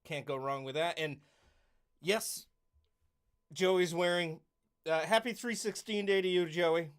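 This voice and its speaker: A man's voice: high voice, measured pace, smooth. A man co-hosting a casual podcast chat, easygoing and agreeable, chiming in often. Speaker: podcast co-host.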